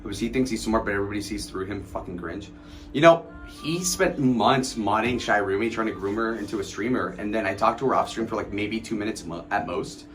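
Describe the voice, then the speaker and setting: A man's voice: on the low side, brisk, fairly bright tone, faint music behind. A man in his twenties chatting on a late-night livestream, rambling, swearing and mocking people while he answers chat. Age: 20s. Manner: rambling, profane, mocking storytelling; reads and answers chat messages aloud.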